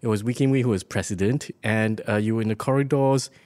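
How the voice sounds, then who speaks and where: A man's voice: on the low side, fast talker, darkish tone. A man, chatting in an easygoing, teasing way. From Singapore. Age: 50s. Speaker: comedian guest. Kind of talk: casual chat.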